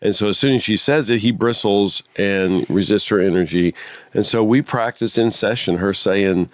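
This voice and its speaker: A man's voice: on the low side, moderate pace. A man who is a therapist and podcast co-host, explaining ideas in casual conversation and acting out bits of dialogue. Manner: animated, acts out dialogue while explaining.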